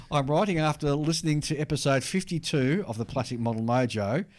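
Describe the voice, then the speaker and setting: A man's voice: fairly high pitch, animated, moderate pace. An Australian man co-hosting a hobby podcast, chatting casually and reading out listener mail, rambling and laughing at himself. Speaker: podcast co-host.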